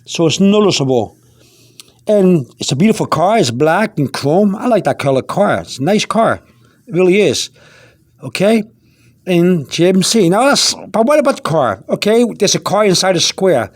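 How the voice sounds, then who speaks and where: A man's voice: high-pitched, sing-song, normal speed, no echo, clean studio sound. A man giving a casual spoken language lesson, repeating himself with many fillers and restarts. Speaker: language teacher.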